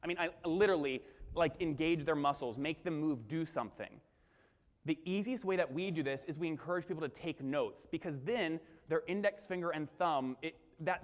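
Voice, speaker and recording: A young man giving an energetic conference keynote, talking straight to the crowd and acting out his own presenting lines. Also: fairly high pitch. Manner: punchy, crowd-engaging, acts out webinar lines. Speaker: keynote speaker. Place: large conference hall. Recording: long hall reverb.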